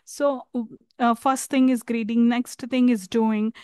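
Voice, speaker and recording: A woman from India with an Indian English accent, giving a university lecture on English communication skills, pausing often with fillers and restarts. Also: on the high side, fairly even intonation, a little mellow, clean tone, no echo. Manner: hesitant, many fillers and restarts.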